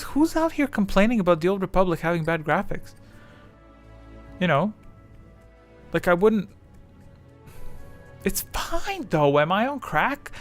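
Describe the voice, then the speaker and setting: A man's voice: sits high, creaky. A man chatting casually on his livestream, rambling and self-deprecating as his thoughts wander. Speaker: streamer.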